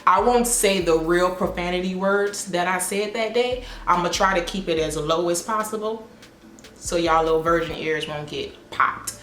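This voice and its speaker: A woman hair stylist telling a story at home in a sassy, blunt, animated way. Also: fairly low pitch, moderate pace, slight background noise. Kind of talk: casual storytime vlog. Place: her home. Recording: echoey room with faint music.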